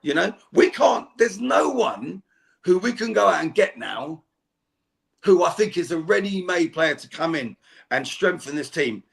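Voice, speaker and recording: A man's voice: high-pitched, very animated, a little slow, creaky, a bit bright. A man speaking as a fan guest on a podcast, ranting angrily and swearing in heated chat. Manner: angry, swearing rant. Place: home.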